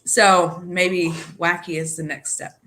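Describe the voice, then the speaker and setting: Bright, lower-pitched female co-host. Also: fairly even intonation, takes it slowly, slight background noise. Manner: playful, self-deprecating. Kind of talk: casual fishing chat.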